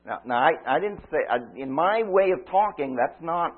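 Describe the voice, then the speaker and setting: A man preaching a sermon, retelling a story dramatically, swinging from loud cries to quiet asides. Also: fairly high pitch, sing-song, moderate pace, husky. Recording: tinny phone-like line.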